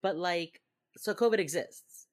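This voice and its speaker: A young woman with a deep voice hosts a casual podcast. She recaps a show in loose, filler-heavy chat and breaks into laughter as she quotes the characters. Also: measured pace. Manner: chatty, lots of fillers, acts out quotes with laughs. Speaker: podcast co-host recapping a TV episode.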